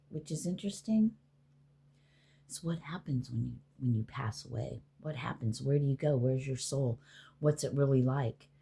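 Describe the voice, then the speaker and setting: A woman's voice: very deep voice, gravelly, warm tone, breathy edge. A middle-aged woman, a spiritual healer, rambling casually and with profanity as she talks to spirits aloud.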